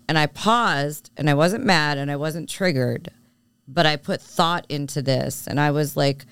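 Podcast co-host, woman, smooth and clean voice, dry close sound, candid and sure of herself. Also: sits low, unhurried, no echo. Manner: candid, animated, self-assured, talks through her points with many asides. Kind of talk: casual chat.

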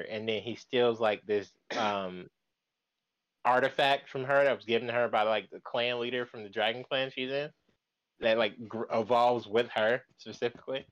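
A man's voice: medium pitch, dull audio. A man co-hosting a podcast in casual chat, talking in a slangy, profane way. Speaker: podcast co-host.

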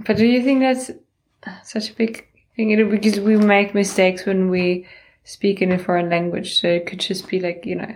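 A woman discussing a novel in a casual chat, thoughtful and measured. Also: medium pitch, little pitch movement, a little mellow, a little hiss or hum. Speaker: book club participant.

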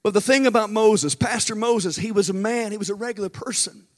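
A man, a pastor preaching and telling a story in an animated, folksy way with dramatic pauses. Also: sits high. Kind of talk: storytelling sermon. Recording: long reverb in a large hall.

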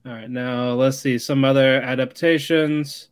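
A man's voice: medium pitch, fairly even intonation, a little slow, smooth. A man co-hosting a podcast, reading out news items and dryly shutting down his partner's jokes. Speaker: podcast co-host. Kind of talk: casual chat.

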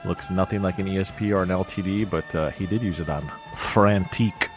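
Deep-voiced laid-back podcast host. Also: male voice, a little fast, faint music behind. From Minnesota. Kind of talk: casual chat.

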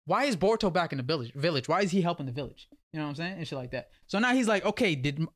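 A man hosting a podcast, recapping a story in lively slang and acting out quotes in a casual chat. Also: fairly high pitch, very fast, few pauses. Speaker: podcast host.

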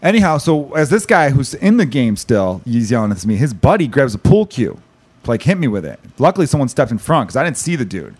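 A young man with a Chicago accent, a comedian hosting a podcast, telling stories in rapid, animated bursts with blunt swearing. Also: mid-range voice, slightly rough. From Chicago, USA. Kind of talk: casual chat and storytelling.

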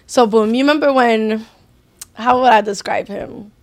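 A woman's voice: a little high, normal speed, dry recording. A young woman co-hosting a podcast, chatting casually in a blunt, joking way with heavy slang. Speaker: podcast co-host. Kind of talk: casual chat.

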